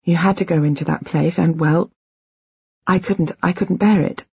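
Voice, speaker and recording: A woman's voice: fairly low pitch, fairly even intonation, moderate pace, gravelly, a little mellow, breathy edge, no echo, highs cut off, heavily acted. A woman reading the lines of a desperate middle-aged husband, pleading through tears in an audiobook. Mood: tearful pleading. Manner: pleading, emotional.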